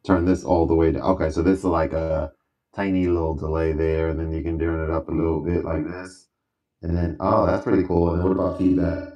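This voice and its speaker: A man livestreaming as a music producer, chatting casually and thinking aloud in a relaxed way while he adjusts his gear. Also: deep voice, a little fast, highs cut off.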